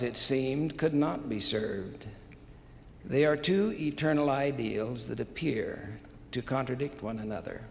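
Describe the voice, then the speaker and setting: Gravelly-voiced man preaching in a hall. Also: mid-range voice. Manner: measured, deliberate storytelling. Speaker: church leader giving a conference talk. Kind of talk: sermon with parable storytelling. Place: large assembly hall. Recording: long hall reverb, faint noise.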